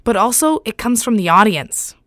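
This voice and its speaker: A woman hosting a podcast, reading a scripted narration in a clear, measured way. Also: fairly high pitch, big pitch swings, fairly bright tone, dry recording, studio quality. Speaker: podcast host.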